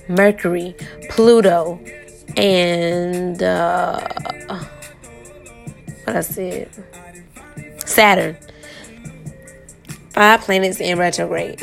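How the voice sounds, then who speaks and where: A hoarse young woman who has lost her voice, chatting casually as a tarot podcast host and talking to her listeners directly. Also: lowish voice. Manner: chatty, addresses listeners with "okay?" and "y'all".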